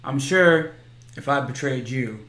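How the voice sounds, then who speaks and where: A man's voice: medium pitch, a little slow, a bit bright. Teasing man in an echoey room. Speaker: podcast co-host. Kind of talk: casual chat. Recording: echoey room, faint noise.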